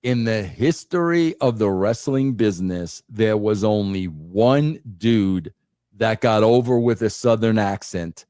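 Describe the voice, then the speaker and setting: A man's voice: on the low side, a little slow, warm tone, dry recording. Older new guy going off on a podcast, keeps saying bro, dry close mic. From New York. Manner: emphatic, repeats "bro", frequent restarts. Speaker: podcast guest, former wrestling writer. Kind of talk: casual podcast chat.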